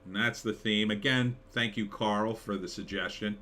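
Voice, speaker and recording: A middle-aged man with a fairly low voice hosts a casual live stream. He rambles loosely and chuckles often as he reads viewer comments aloud. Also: steady tone, normal speed, pushed and bright. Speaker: live stream host reading chat.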